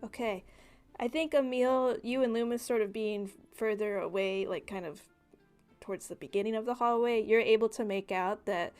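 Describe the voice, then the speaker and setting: A woman's voice: a little high, normal speed, darkish tone, clear, resonant tone, faint music behind. A woman running a tabletop game as game master, narrating casually with many fillers.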